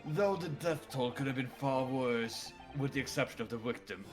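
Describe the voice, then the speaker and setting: A man voicing a haughty aristocratic prosecutor in a put-on German accent, cold and measured, in a fan dub of a game. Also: mid-range voice, expressive, over music, close to an everyday voice.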